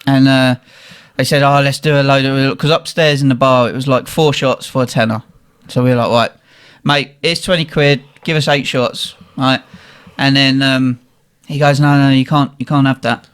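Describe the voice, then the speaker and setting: A young man, animated and swearing as he tells a funny story in casual chat. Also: medium pitch, moderate pace, few pauses, smooth. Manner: animated, swearing, laughing at his own story. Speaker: guest telling a story.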